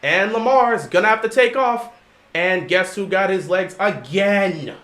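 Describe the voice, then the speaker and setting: A man hosting a livestream, calling a football game live and lecturing his chat in an animated way. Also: high-pitched, a little slow. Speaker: livestream host. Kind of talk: live game watch-along commentary. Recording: roomy echo.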